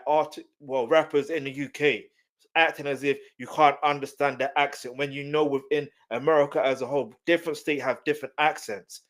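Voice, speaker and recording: A man from South London with a South London accent, chatting loosely on a reaction live stream, animated and rambling, repeating his phrases. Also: a little high. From South London, England.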